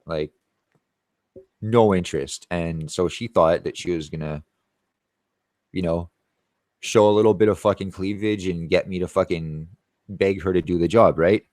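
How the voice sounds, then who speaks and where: Man, deep low voice, dry close sound, swearing, bragging, rambling vlog monologue. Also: measured pace, pauses often, darkish tone, no room sound. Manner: profane, boastful, rambling. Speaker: tree-cutting contractor.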